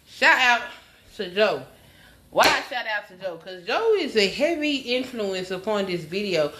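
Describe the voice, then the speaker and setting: A woman talks in an unhurried, drawn-out way, leaning on words to drive each point home. Her voice sits fairly low, and her speech is blunt and full of profanity. A faint hiss of background noise runs under the recording. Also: a bit bright, echoey room. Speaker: spiritual advisor vlogger. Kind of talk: casual vlog rant.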